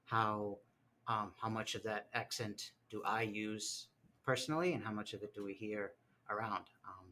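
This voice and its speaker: A man's voice: on the low side, steady tone, pushed and bright, a little hiss or hum. A man from Massachusetts with a faint Boston accent, answering reflectively and hesitantly as a teacher in an interview. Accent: Boston, mostly tamped down. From Medford, Massachusetts. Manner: hesitant, with many pauses.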